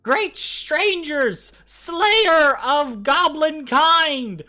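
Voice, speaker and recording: A game master voicing a hungry, dramatic female goblin prisoner who wails and pleads with grandiose flattery. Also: high-pitched, very slow, voice pushed up, heavily acted. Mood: effusive gratitude.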